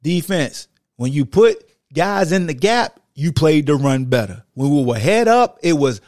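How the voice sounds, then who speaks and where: A man hosting a sports podcast, recapping a football game in an animated, slangy rant that swings between shouting and muttering. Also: on the high side, measured pace, hardly any pauses, no room sound, studio quality.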